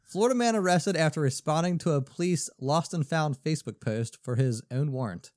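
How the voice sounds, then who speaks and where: A man's voice: fairly high pitch, a little mellow, no room sound, studio quality. Casual man reading odd headlines. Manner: reads headlines haltingly, laughs at them. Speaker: quiz game host. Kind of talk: casual chat among friends.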